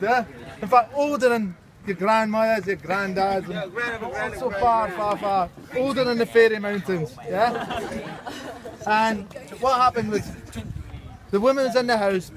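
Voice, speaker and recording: A man telling a folk tale to a group in a casual, joking way, checking in with listeners often. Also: extremely high pitch. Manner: joking, playful, checks in with the audience. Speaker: storyteller at a team event. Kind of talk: casual storytelling. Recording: crowd chatter outdoors.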